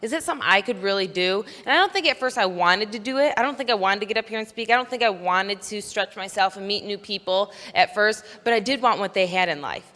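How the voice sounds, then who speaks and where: On stage at a business convention, a woman gives an earnest motivational talk, weaving in stories and quoting others in her own voice. Her medium-pitched voice is sharp and fast, with few pauses. The large hall lends a long reverb.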